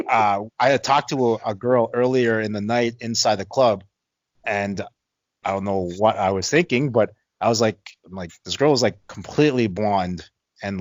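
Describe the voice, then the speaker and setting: A man's voice: lowish voice, no echo, lo-fi sound. A man co-hosting a podcast, telling a story in casual chat, rambling and laughing, with many fillers and repeated words. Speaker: podcast co-host.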